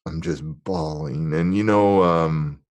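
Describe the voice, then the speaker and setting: A man's voice: a bass voice, takes it slowly, clean tone. Earnest man telling a personal story. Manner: earnest, emotional, builds to motivational exhortation. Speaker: guest, motivational speaker. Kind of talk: personal storytelling in a podcast interview.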